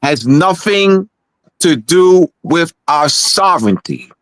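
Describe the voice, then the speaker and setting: A higher-voiced man leads a casual online discussion and drives each point home, repeating key words and posing questions. His voice sounds dry and close. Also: expressive, slow, fairly bright tone, no echo. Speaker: presenter.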